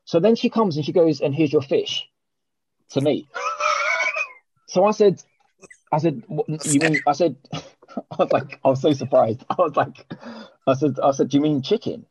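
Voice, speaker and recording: A man, hosting a podcast and telling a long story in animated, sweary casual chat. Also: fairly high pitch, moderate pace, pauses often, highs cut off, background noise. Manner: animated, swears a lot, with many restarts and reported speech. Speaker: podcast host.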